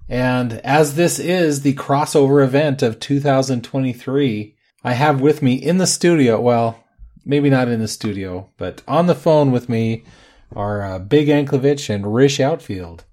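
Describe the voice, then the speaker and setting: A man hosting a podcast, relaxed and chatty in casual talk, with frequent "uh" fillers. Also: medium pitch, measured pace. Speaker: podcast host.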